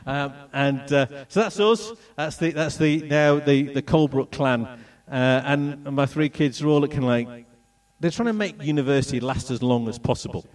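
Middle-aged man from England, animated testimony speaker, mid-pitched voice, distant mic. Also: moderate pace, hardly any pauses. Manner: animated storytelling, acts out voices and moments. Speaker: speaker telling his testimony. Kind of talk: personal testimony talk with slides.

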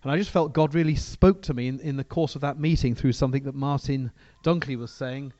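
A man's voice: medium pitch, a little fast, warm tone, no room sound, muffled recording. A man preaching a sermon and reading from the Bible, talking in a conversational way with frequent restarts.

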